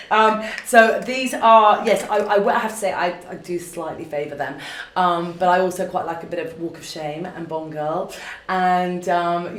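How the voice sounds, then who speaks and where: A woman, gushing and effusive as she answers fan questions in a live makeup demonstration from an office. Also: on the low side. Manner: gushing and effusive, full of fillers and restarts. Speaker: beauty brand founder answering fan questions. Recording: roomy echo.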